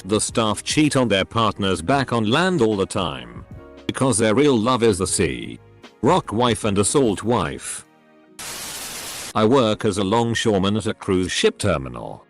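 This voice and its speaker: Male narrator with a lowish, animated read, faint music underneath; steady scripted delivery of online posts. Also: measured pace. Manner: even, steady reading, voices symbols and emoticons literally. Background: faint background music.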